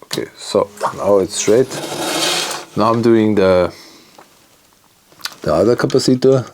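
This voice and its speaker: A man talking himself through an electronics repair at his workbench, in halting English and muttering as he works. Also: fairly low pitch, a little mellow, slight background noise.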